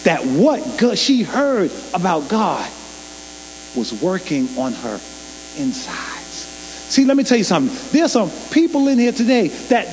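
A man's voice: sits high, darkish tone. A man preaching a sermon, emphatic and folksy, with loose colloquial grammar and call-and-response to the congregation. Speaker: pastor. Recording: long hall reverb with faint mains hum.

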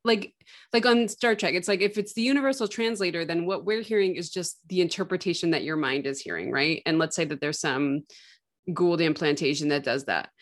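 A woman's voice: on the low side, brisk. A woman co-hosting a podcast, chatty and thinking aloud with lots of filler "like"s. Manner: chatty, musing aloud with many "like"s. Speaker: podcast co-host. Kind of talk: casual chat.

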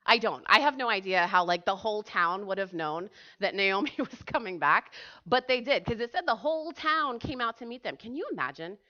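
A woman giving a casual, animated sermon to a church group, chatty and full of fillers, often asking her listeners questions. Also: medium pitch, fairly quick. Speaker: church speaker. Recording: dull lo-fi recording.

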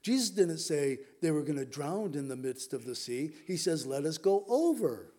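Animated man preaching a casual sermon. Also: fairly high pitch, normal speed. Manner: conversational, animated, acts out quotes. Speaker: pastor.

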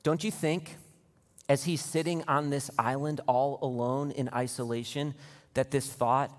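A man preaching a sermon to his church, building to an impassioned, near-shouting pitch as he retells scenes. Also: normal speed. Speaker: pastor. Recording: long hall reverb.

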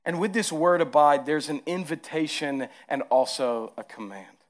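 A Southern-accented male pastor preaches a sermon, shifting from soft, tender passages to forceful climbs. His voice sits on the high side, and he keeps a moderate pace.

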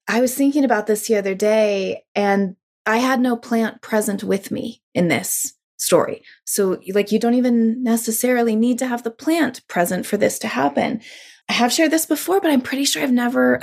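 A woman in her forties with a gravelly edge to her voice, hosting a podcast. She tells a personal story in a reflective, unhurried way. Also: mid-range voice. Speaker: podcast host. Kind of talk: podcast conversation.

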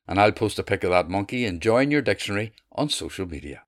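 A male podcast host wraps up the episode in a brisk, friendly manner. His voice sits low but moves with animated pitch. Soft music plays underneath. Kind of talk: podcast outro. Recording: faint music behind.

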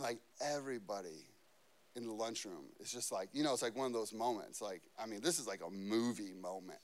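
A man preaching a sermon, moving from quiet storytelling to loud, emphatic scripture reading. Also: mid-range voice. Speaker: pastor.

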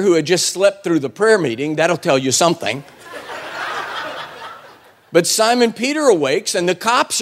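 A man giving a sermon as a guest preacher, telling the story in a colloquial, humorous way and acting out the voices of the people in it. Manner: animated storytelling, acts out voices with big pitch swings.

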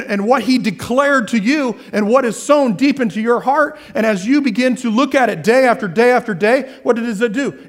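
A man preaching a sermon as pastor, asking the crowd questions and answering them himself, repeating key phrases. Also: very high-pitched. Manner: repetitive, asks the crowd questions then answers.

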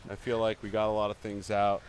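A man's voice: lowish voice, completely flat delivery, fast, clear, resonant tone. A man co-hosting a casual walking podcast, joking and pushing playful conspiracy talk. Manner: joking, pushes conspiracy bits. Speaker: podcast co-host. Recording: faint street noise.

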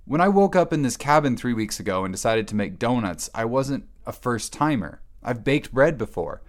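Guy doing a wry comic monologue by himself in a cabin, self-deprecating, rambles, sometimes yells. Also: mid-range voice, sing-song, moderate pace. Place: empty cabin, alone.

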